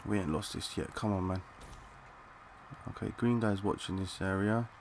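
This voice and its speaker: A young man giving excitable, swearing live commentary while playing a shooter, calling out to teammates in slang. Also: lowish voice, normal speed, a little hiss or hum. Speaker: gaming channel host.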